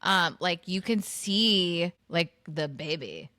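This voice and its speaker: Lowish voiced woman podcast cohost, chatty, rambling, dry close sound. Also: animated, takes it slowly, sharp tone, no echo. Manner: chatty, swearing, lots of fillers and laughs. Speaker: podcast co-host. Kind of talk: casual chat.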